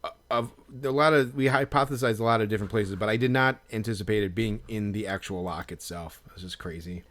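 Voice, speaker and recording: A man co-hosting a podcast, telling a long story in casual chat and acting out the quotes with rising excitement. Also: lowish voice, fast talker. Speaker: podcast co-host.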